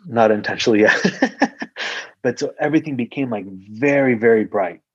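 A man's voice: mid-range voice, moderate pace, slightly rough, no room sound, lo-fi sound. A man in casual podcast talk, telling a personal story in a rambling way, full of "like" and freely swearing.

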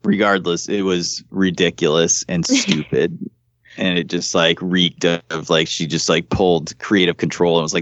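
A man's voice: deep voice, moderate pace, hardly any pauses, dry recording, muffled recording. A man hosting a casual movie review podcast, blunt, profane and sarcastic. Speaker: podcast host.

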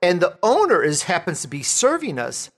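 A man from Chicago hosts a casual interview, joking and telling stories. His voice sits fairly high and moves with a lot of lively swing. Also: normal speed. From Chicago, USA. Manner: jokey, animated storyteller. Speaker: talk show host.

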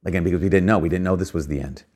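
A man's voice: low-pitched, rapid-fire, a little mellow. A man giving a reflective spoken talk, earnest and conversational, with frequent fillers and emphatic rises.

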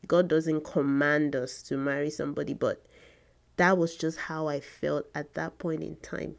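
A woman's voice: low-pitched, level tone, vocal fry. A woman in her thirties hosting a faith podcast, talking earnestly and repeating words for emphasis. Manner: earnest and slow, with emphatic repetition. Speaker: podcast host.

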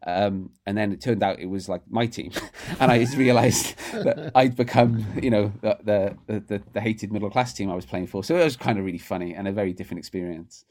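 A man telling rapid, animated anecdotes as a podcast guest, often restarting his sentences. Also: on the low side. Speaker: guest, rugby writer. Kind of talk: casual storytelling interview.

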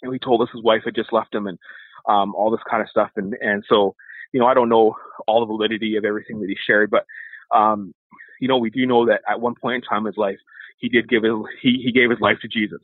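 A man, an evangelist guest, telling a lively testimony story and acting out the voices of the people in it. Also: lowish voice, quick pace, slightly rough, no echo. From Canada. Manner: animated storyteller, acts out voices. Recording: tinny phone-like line.

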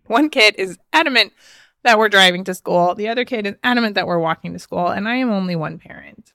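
A woman's voice: mid-range voice, animated, brisk, bright, forceful tone, clean tone, no echo, studio quality. A woman in her thirties, a podcast host, telling a personal story in a casual, chatty way with frequent laughs and fillers. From United States.

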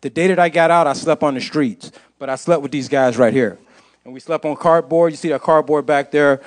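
A man's voice: a little high, brisk. A man giving an impassioned testimony to a church congregation, repeating phrases for emphasis. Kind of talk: sermon testimony.

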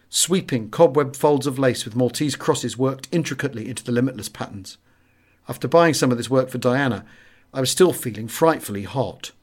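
A man reading a first-person wartime memoir aloud as an audiobook, with a measured and expressive delivery. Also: mid-range voice. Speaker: audiobook narrator.

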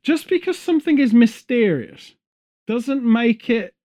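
A man in casual chat as a podcast co-host, ranting sarcastically and telling animated stories. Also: extremely high pitch, unhurried.

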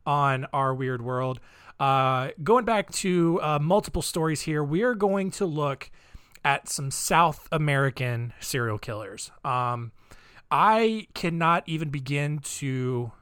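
A man's voice: fairly high pitch, fairly bright tone, clean tone, no room sound, clean studio sound. A man hosting a podcast in a casual, jokey way, poking fun at himself as he rambles along. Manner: jokey, self-mocking, loose rambling delivery. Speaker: podcast host.

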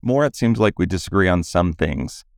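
A man's voice: sits low, lively intonation, normal speed, vocal fry, clean tone, dry recording, clean studio sound. A middle-aged man co-hosting a podcast in casual chat, sounding tired from a late flight, upbeat and full of questions. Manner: upbeat, promotional, question-driven. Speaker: podcast co-host.

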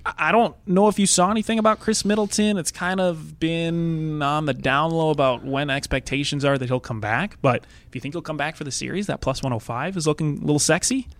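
A podcast host chats casually about sports betting and his game picks, thinking aloud and often restarting his sentences. His voice is a little high and brisk, with hardly any pauses.

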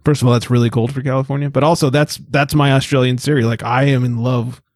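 A man's voice: medium pitch, little pitch movement, fast talker, darkish tone, no room sound, studio quality. A man from the United States co-hosting a podcast in casual, crude, joking chat, swearing freely. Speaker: podcast co-host.

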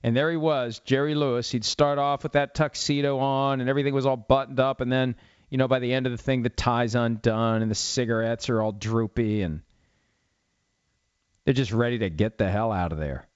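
A middle-aged man with a medium-pitched, steady, clear and resonant voice talks a little fast. Hosting a football talk show, he rambles through stories wryly and sarcastically in casual sports commentary. The recording is lo-fi and slightly dull.

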